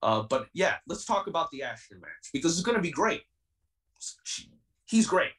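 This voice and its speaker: A man's voice: a little high, sing-song, moderate pace, a bit bright, far from the mic, low-quality recording. A young man in his twenties, a pro wrestler being interviewed on a podcast, talking in a heated, defiant and intense way. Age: 20s.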